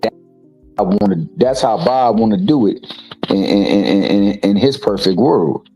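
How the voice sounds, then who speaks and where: A man's voice: lowish voice, a little slow, warm tone, faint music behind, rough recording. A man co-hosting a casual boxing talk show, making his points emphatically and often repeating words. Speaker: co-host.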